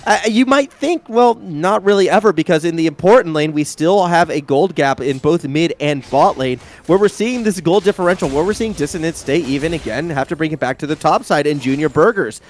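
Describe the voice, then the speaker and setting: A man with an Australian accent doing lively play-by-play commentary on an esports match, chatty and joking. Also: on the high side, fairly quick, hardly any pauses. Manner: animated, chatty, jokey asides. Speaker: esports caster.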